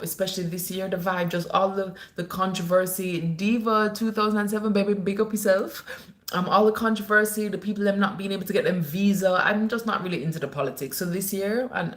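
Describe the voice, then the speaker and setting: A woman talks into her phone late at night during a casual livestream. Her voice sits a little low for a woman, but she playfully jumps up high and then drops into low, dry asides as she reads comments. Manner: animated, teasing, laughs often, swings between high playful and low asides. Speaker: livestream host. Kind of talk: casual live-stream chat reading comments.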